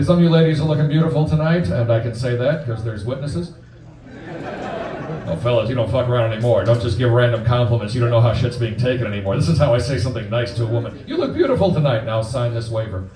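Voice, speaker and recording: A man's voice: medium pitch, warm tone. Brief: male stand-up comic in his forties, crude and punchy, heard from a distance in a roomy club with a laughing crowd. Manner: crude, punchy, acts out quick voices. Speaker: stand-up comedian. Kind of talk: stand-up comedy set. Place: comedy club stage before a live audience.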